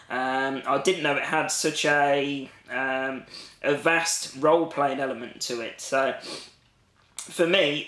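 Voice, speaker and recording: A man's voice: fairly high pitch, a bit bright. A man with an English Midlands accent, casually chatting to camera as a gaming vlogger, rambling with lots of ums and restarts. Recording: echoey room.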